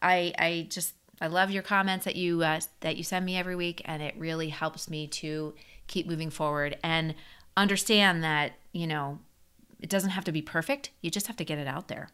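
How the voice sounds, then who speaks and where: A woman's voice: low voice, steady tone, normal speed, a bit bright, clear, resonant tone. Upbeat rambling woman podcast host. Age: adult. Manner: rambling, upbeat, motivational, laughs often. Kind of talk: solo podcast monologue.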